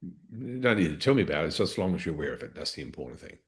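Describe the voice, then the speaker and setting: A man's voice: low-pitched, big pitch swings, rapid-fire. A man coaching a live training session, explaining step by step, restarting phrases and checking in with "okay?".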